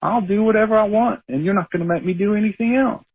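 A man's voice: sits high, quick pace, slightly rough, pitched above the performer's own voice. A big black bear, lazy and unimpressed, tosses off its lines as if nothing could move it, as a man puts it on while telling his story. The sound is thin and squeezed, like a phone line. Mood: defiant.

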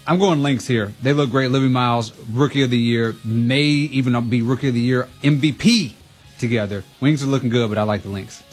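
A man appearing as a guest on a sports radio show, making picks in a relaxed, wry way. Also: medium pitch, fairly quick, husky, soft background music. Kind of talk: casual sports picks chat.

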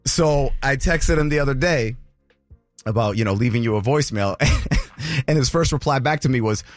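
A man co-hosting a radio show in casual chat, telling an animated story full of laughs and acted-out quotes. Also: medium pitch, moderate pace, no echo, faint music behind. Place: radio studio.

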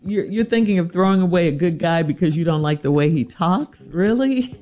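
A woman's voice: lowish voice, expressive, fairly quick, mellow, faint music behind. A woman hosting a radio advice show, reading a listener's letter and giving blunt, teasing advice.

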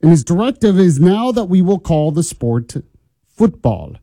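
A man's voice: high voice, sing-song, moderate pace, warm tone, dry recording. A man hosting a morning talk radio show, chatty and opinionated, teasing listeners and colleagues. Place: radio studio.

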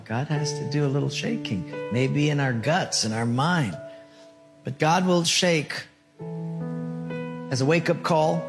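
A man pastor telling a parable in a sermon, earnest, dropping soft and low at his key points. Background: soft guitar music.

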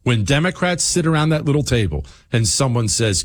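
A man's voice: medium pitch, lively intonation, brisk, few pauses. A man hosting a talk show, delivering an impassioned, emphatic political commentary monologue.

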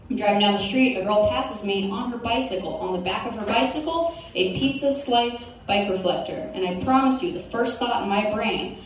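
A woman's voice: mid-range voice, moderate pace, few pauses. A woman doing a stand-up set, confessional and laughing at her own jokes. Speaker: stand-up comedian. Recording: far-off mic in a very echoey noisy club.

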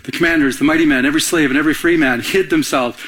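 Racing along in a slightly high, fairly bright voice, this middle-aged male pastor preaches in a conversational way. He peppers listeners with rhetorical questions and asks the congregation to respond.

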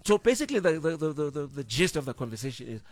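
A middle-aged man, co-hosting a morning radio show in easy, animated chat from a studio. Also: on the high side, quick pace. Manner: animated, laughs easily, restarts and fillers. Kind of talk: casual breakfast radio chat.

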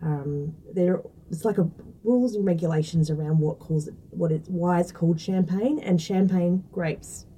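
A mellow, quite dark-toned woman with a slightly husky voice. She explains things in a relaxed, chatty way, full of ums and restarts. She sounds a little distant from the microphone. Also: lowish voice, normal speed. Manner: chatty, explanatory, many fillers. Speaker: food scientist guest. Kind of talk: casual interview talk.

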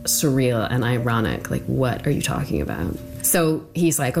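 Very deep-voiced woman telling her story. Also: very animated, normal speed, vocal fry, darkish tone, slight background noise. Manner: chatty, full of "like", drops to whispers for remembered thoughts. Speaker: interviewee. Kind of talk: casual personal storytelling.

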